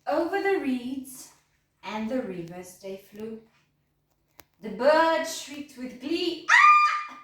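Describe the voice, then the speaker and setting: A woman reads a rhyming picture book aloud in a sing-song, expressive voice. Her pitch is high and leaps about, and she takes her time. The room is very echoey, and she is a little away from the mic. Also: slow, far from the mic, a little hiss or hum. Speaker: storyteller.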